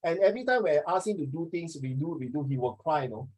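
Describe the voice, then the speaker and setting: A man's voice: on the high side, lively intonation, fast, darkish tone, rough recording. A man, tutoring a class in a chatty, teasing way and slipping into Mandarin now and then. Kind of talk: online class teaching.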